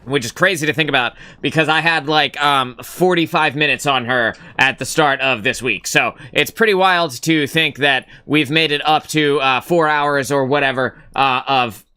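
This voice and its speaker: A man hosting a live gaming stream, chatting in a relaxed, rambling way with plenty of fillers. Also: medium pitch, normal speed, hardly any pauses, smooth, no room sound. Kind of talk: casual live-stream chat.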